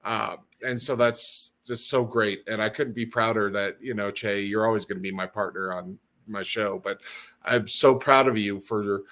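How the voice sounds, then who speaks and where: Effusive man, halting speech. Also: fairly low pitch, fairly even intonation, a bit bright. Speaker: show host. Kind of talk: casual chat.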